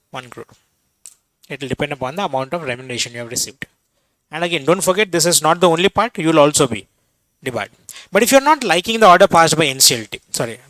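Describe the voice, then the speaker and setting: Young male teacher with an Indian English accent, brisk exam revision, bright pitch, dry close sound. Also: dry recording, poor audio. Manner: rapid, quizzing students with questions.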